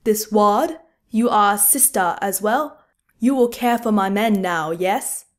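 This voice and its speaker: A woman voicing a male enemy army captain who speaks crisply and concisely, courteous but menacing. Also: mid-range voice, takes it slowly, natural voice. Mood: cool. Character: cold, polite enemy army captain, man.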